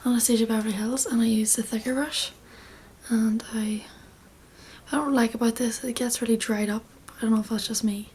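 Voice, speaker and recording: A woman's voice: fairly high pitch, fairly even intonation, a little fast, a little mellow, husky. A young woman giving a casual makeup tutorial, chatty and rambling, often dropping into a half-whisper. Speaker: beauty vlogger.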